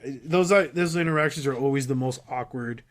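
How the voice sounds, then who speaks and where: A man who is a podcast guest, chatting casually and telling stories in an animated way with quick switches into other voices. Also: mid-range voice. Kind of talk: casual chat.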